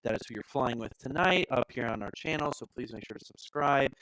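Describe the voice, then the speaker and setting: A man's voice: mid-range voice, brisk, fairly bright tone, poor audio. A young man co-hosting a live stream, talking in a playful, self-mocking way. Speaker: co-host. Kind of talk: casual live-stream chat.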